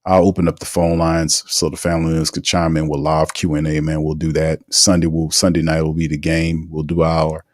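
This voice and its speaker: A man's voice: rumbling low, completely flat delivery, a little fast, few pauses, dry recording, studio quality. A man hosts a casual live sports talk show, rambling and opinionated and full of slang.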